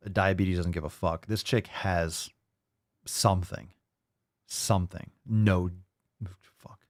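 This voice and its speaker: A man with a fairly low voice rants through commentary, swearing freely and dripping sarcasm. The sound is dry and close, with no room around it. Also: no room sound. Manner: profane, sarcastic, mocking voices. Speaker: host. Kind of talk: ranting commentary.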